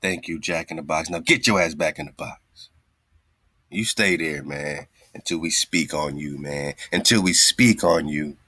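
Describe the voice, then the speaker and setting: A man's voice: very deep voice, normal speed, sharp tone, slightly rough, no echo, clean studio sound. A man hosting a casual talk show, speaking loosely in street slang and taunting a played clip between laughs. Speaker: podcast host. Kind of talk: casual mocking commentary.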